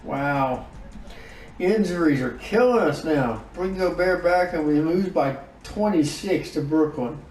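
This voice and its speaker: A man giving casual commentary on his own game season, reacting out loud to each win and loss. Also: a little high, measured pace, echoey room, recorded from a distance, slight background noise, rough recording. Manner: emotive, groans and exclaims over results. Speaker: gaming YouTuber.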